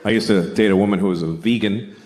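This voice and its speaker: A middle-aged man doing a blunt, deadpan stand-up comedy set, often acting out other people's voices. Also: lowish voice, quick pace. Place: stage before a laughing audience. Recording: live stage recording with audience noise. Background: audience laughter.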